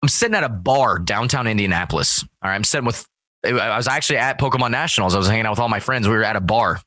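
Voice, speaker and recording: A man in casual chat, telling a rowdy story full of swearing and quoting other people in loud voices. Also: lowish voice, rapid-fire, no room sound. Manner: profane, storytelling, acts out quoted voices loudly. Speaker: guest.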